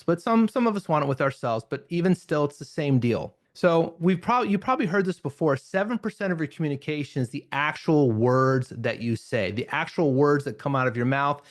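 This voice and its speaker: A man with a mid-range voice teaches a live seminar. He talks energetically and conversationally to the room and often acts out quick examples in shifting tones, which keeps his delivery lively and varied. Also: mid-range voice. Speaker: NLP trainer.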